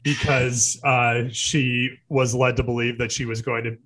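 Male editor on a chat podcast, discursive and wry, thinks out loud. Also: medium pitch, level tone, measured pace. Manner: teasing, talks through ideas with fillers. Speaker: editor-in-chief, podcast regular.

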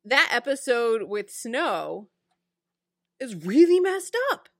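A woman in casual chat, critiquing a show in an expressive, exasperated way. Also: on the high side, takes it slowly. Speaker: podcast co-host.

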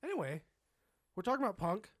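A man's voice: sits high, big pitch swings, fast, no echo. A young man co-hosting a casual drinking podcast from a home studio, easygoing and enthusiastic. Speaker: podcast co-host. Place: home spare-bedroom studio.

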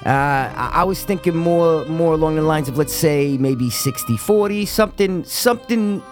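A man voicing a burly middle-aged New mob boss, talking in a halting, gruff, stammering way. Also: a little high, faint music behind, natural voice. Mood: wheedling.

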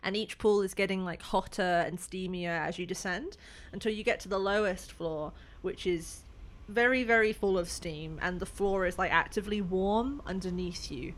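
A woman's voice: medium pitch, normal speed. A woman narrating a tabletop game as game master, describing scenes in a loose way full of "like"s.

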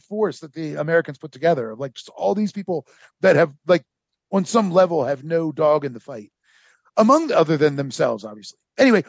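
A man's voice: high voice, gravelly, no room sound. A man hosting a casual history podcast, telling the story with rambling sarcastic asides and lots of fillers. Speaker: podcast host.

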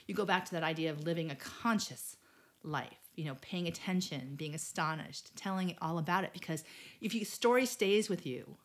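A woman who is a life coach and author, speaking as a guest in a casual podcast interview, reflective and animated, with frequent fillers and restarts. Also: on the low side, normal speed.

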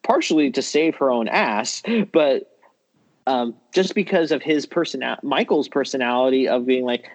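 A man chatting casually about a film, relaxed and a little hesitant. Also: mid-range voice, normal speed, poor audio.

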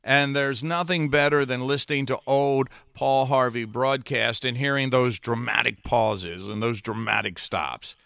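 A middle-aged man hosting a solo podcast in a trained broadcaster's voice, speaking earnestly and with long dramatic pauses. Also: mid-range voice, steady tone, vocal fry, fairly bright tone, no room sound, clean studio sound. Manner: slow deliberate delivery with dramatic pauses; earnest, heartfelt. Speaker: podcast host.

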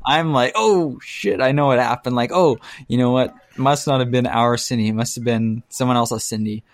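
A man's voice: mid-range voice, normal speed, dry recording. A man casually telling an anecdote, acting out the quotes and laughing often. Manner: animated storytelling, acts out quotes, laughs often. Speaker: storyteller. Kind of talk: casual chat.

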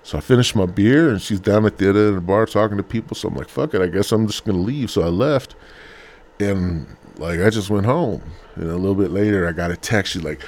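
Deep-voiced male podcast host, loose and foul-mouthed, talking from his bed at home. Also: quick pace, darkish tone. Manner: rambling, profane and slangy. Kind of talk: casual podcast monologue.

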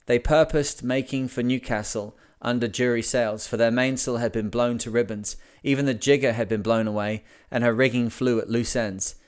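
A man hosting a podcast, reading an old sea memoir aloud in a measured, deliberate way. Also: medium pitch, steady tone, clean tone. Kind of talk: audiobook narration of a memoir.

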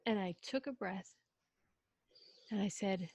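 Speaking slowly at medium pitch, a woman shares a personal story in a casual conversation with no echo. Her telling is lively, full of acted-out quotes, and she keeps interrupting herself and starting over.

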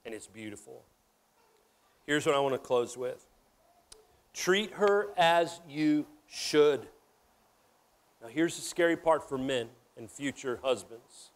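A middle-aged man preaching a sermon, animated and joking, talking straight to his congregation. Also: medium pitch, moderate pace. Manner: animated, jokey, addresses audience directly. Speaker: pastor.

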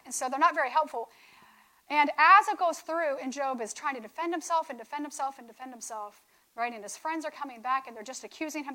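Woman with a high voice, casual sermon talk, keeps saying right?. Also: sharp tone, poor audio. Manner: conversational, keeps asking "right?". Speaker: speaker on faith. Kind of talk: sermon-style teaching talk.

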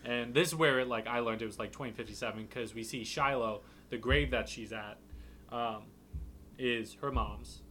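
A man with a bright, forceful voice co-hosts a casual podcast. He recaps a musical with sarcastic jokes and now and then slips into silly voices. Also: medium pitch, normal speed, a little hiss or hum. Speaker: podcast co-host.

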